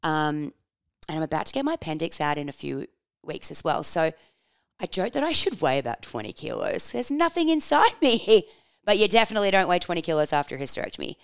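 Woman, thirties, candid storytelling, swears casually, lowish smooth voice, dry close recording. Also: fairly quick, no echo. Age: 30s. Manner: frank and animated, swears casually, laughs while telling stories. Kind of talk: personal storytelling, candid and confessional.

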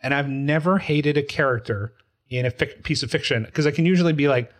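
A man's voice: on the high side, a little fast. A man in his forties in casual conversation, telling a personal story with feeling and acting out quoted voices. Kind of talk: casual chat about a TV show.

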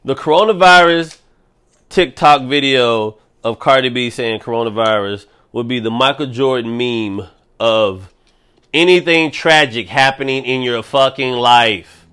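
A young man hosting a solo podcast, ranting in a profane, animated way. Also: medium pitch, a little slow, smooth. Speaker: podcast host.

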